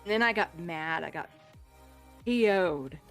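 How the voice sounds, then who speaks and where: A woman casually telling a true scary story on a podcast, animated and acting out the voices in it. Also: fairly low pitch, unhurried, soft background music. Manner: animated, acts out voices in her stories, laughs often. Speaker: guest storyteller.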